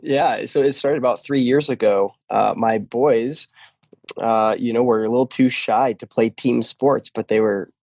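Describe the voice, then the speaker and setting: A man's voice: mid-range voice, fairly even intonation, measured pace, vocal fry, no echo. Male podcast guest, easygoing and chatty, dull dry remote audio. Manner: easygoing, laughs often, fillers. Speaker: podcast guest, business owner. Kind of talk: casual interview chat.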